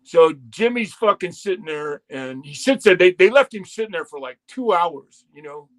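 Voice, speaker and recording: A man's voice: high-pitched, lively intonation, normal speed, a bit bright. A man telling a long, profane story in casual podcast chat, quoting people as he goes.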